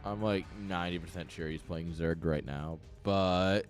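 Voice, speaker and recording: A man's voice: low-pitched, fairly even intonation, normal speed, faint music behind. A man giving casual live commentary on a strategy game match, dry and sarcastic, rambling with lots of fillers. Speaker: esports caster.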